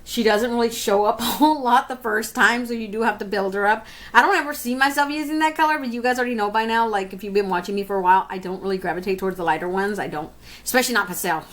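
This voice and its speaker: A woman's voice: medium pitch, fast, a bit bright. A woman giving a casual makeup review to camera, chatty, often calling to her viewers and laughing at herself. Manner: chatty, keeps talking to viewers as "you guys". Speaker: beauty vlogger.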